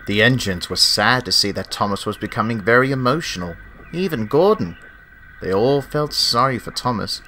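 A man narrating a children's storybook in a steady, measured way. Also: mid-range voice, a little hiss or hum.

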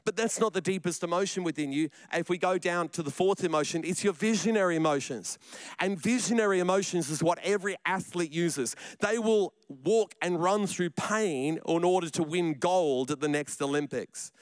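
A man's voice: high voice, normal speed, no room sound. A man preaching a sermon in church, chatty and joking, often repeating his words. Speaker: pastor.

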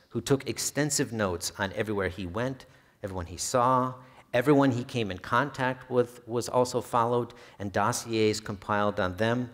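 A male historian giving a public talk about his book, telling anecdotes in an easygoing way with occasional filler hesitations. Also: lowish voice. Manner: relaxed storyteller with some filler hesitations. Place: library event hall. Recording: long reverb of a hall.

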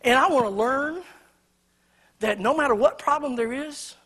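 A man preaching a sermon in a church, swinging between loud emphatic lines and quiet storytelling. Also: very high-pitched, moderate pace. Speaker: pastor. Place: church sanctuary.

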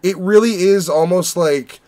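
A young man from the Chicago area, hosting a casual movie podcast and talking in a profane, rambling, animated way. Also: high-pitched, measured pace. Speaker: podcast host reviewing movies. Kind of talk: casual chat.

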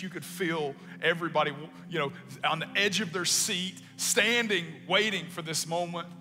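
A male pastor preaching in a church, telling a story and swinging between hushed passages and emphatic bursts. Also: on the high side. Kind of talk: sermon. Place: church sanctuary. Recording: long church reverb, music behind. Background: soft music.

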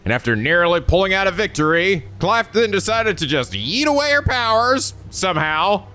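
A man hosting a let's play, recapping the story in excitable, jokey, swear-filled commentary with sudden shouts. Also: high voice, normal speed, faint music behind. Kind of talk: energetic gameplay commentary.

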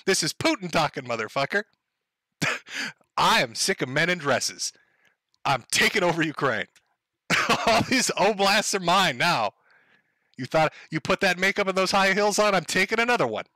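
A man doing a swaggering world leader who swears and blusters through every sentence, his voice bright and tense. It sounds dry and close, with no room around it. The bluster is played in a near-everyday voice rather than a true transformation. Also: sits high, lively intonation, normal speed, no echo. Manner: profane, blustering. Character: crude gruff male world leader ranting.

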